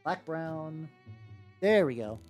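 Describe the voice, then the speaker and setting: A man's voice: a little high, expressive, takes it slowly, a little mellow. A man chatting casually on a live stream while painting miniatures, rambling, joking and swearing as he talks to viewers. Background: faint background music.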